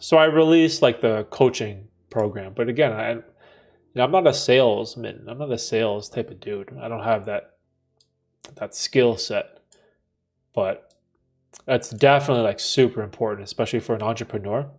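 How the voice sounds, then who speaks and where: A man's voice: medium pitch, moderate pace, darkish tone. A man hosting a casual livestream Q&A, reading chat messages aloud and answering in laid-back, slangy banter with frequent laughter. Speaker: livestream host.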